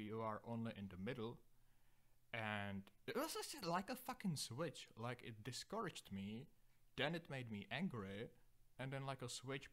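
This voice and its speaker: A man's voice: mid-range voice, fairly bright tone. A young man hosting a solo podcast, rambling through profane, self-deprecating digressions. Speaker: podcast host.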